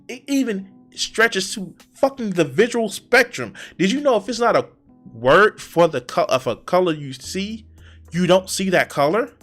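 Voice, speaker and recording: A man's voice: high-pitched, fairly bright tone. A man hosting a reaction commentary, exasperated and profane, who stammers and restarts his sentences. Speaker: reaction video host.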